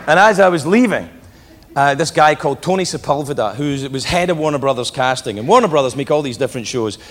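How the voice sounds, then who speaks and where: A man telling a swearing, animated stand-up story on stage. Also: on the high side, fast, a little hiss or hum. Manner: animated, swearing storyteller doing mock voices. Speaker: stand-up comedian. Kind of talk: stand-up set. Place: live comedy venue. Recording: echoey hall with loud crowd laughter.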